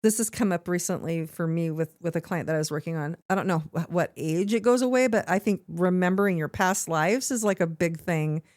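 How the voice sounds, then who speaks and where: Low-voiced woman host, encouraging. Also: a little fast, hardly any pauses, a little mellow, no room sound, studio quality. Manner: supportive, frequent short affirmations. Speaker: podcast host. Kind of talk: casual interview chat.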